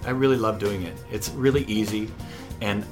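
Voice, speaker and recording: With music playing behind him, this middle-aged stage actor talks at normal speed as a guest in a relaxed interview. Telling his stories with animation, he performs the characters' voices, leaping widely in pitch.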